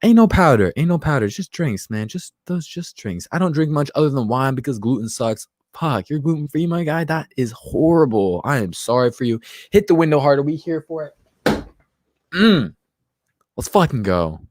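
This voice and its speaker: A man's voice: on the high side, very animated, normal speed, a little mellow, dry recording, clean studio sound. A man in his twenties hosting a casual livestream, a bit tipsy, bantering loosely and reading out chat comments. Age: 20s. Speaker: livestream host.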